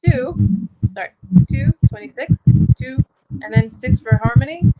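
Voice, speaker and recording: A woman's voice: high-pitched, lively intonation, measured pace, loud music behind the voice, low-quality recording. A woman doing a casual card reading, talking in a chatty, encouraging way and laughing often. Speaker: card reader. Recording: loud background noise.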